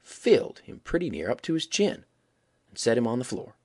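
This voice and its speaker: A man reading a story aloud as a folksy, animated yarn-spinning narrator with a husky voice. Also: mid-range voice, normal speed. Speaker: audiobook reader.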